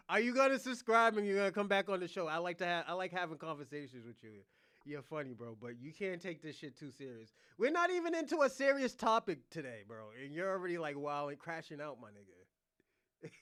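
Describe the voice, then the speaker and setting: A man's voice: on the high side, animated, brisk, a bit bright, clear, resonant tone, dry recording, clean studio sound. A man from Boston hosting a casual live chat, teasing and laughing often. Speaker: livestream host.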